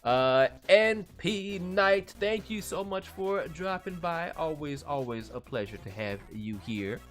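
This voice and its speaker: A man, a voice actor, hosting a casual live stream and answering viewer messages, chatty and animated. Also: a little high, slow, soft background music. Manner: chatty and animated, often laughing.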